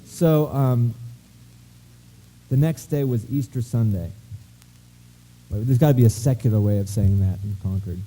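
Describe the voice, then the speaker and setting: Dark-voiced man telling a rambling story. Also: medium pitch, unhurried, pauses often, poor audio. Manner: rambling storyteller, acts out quoted dialogue, wry asides. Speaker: speaker addressing high school students. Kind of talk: anecdotal public talk. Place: school auditorium.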